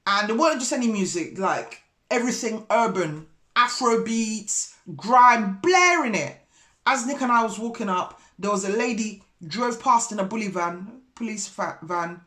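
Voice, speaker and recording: A woman vlogger and broker, telling a story in an indignant, animated way. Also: mid-range voice, moderate pace, hardly any pauses. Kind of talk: casual storytelling vlog.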